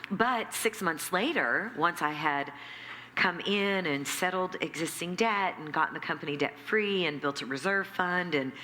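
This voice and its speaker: A woman who runs a nonprofit, telling her story in an interview with lively acted-out quotes and emphatic repetition. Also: deep voice. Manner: animated, acts out quoted dialogue, emphatic repetition. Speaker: nonprofit CEO, interview guest. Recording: echoey hall with faint background noise.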